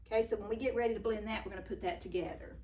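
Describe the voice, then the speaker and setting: A woman teaching a phonics lesson to young children, speaking slowly and praising each answer. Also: medium pitch, mellow, distant mic, dull audio, slight background noise.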